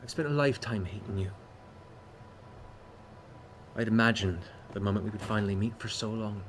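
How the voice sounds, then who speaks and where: A man's voice: on the low side, moderate pace, a little hiss or hum, lightly acted. Man voicing a sarcastic young woman bard. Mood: bitter. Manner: dry, cutting, sarcastic. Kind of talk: tabletop role-play.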